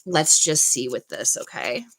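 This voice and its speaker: A woman hosting a live tarot stream, giving card readings in a soft, unhurried way with many pauses and fillers. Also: very deep voice, very animated, creaky, poor audio. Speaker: tarot reader and channel host.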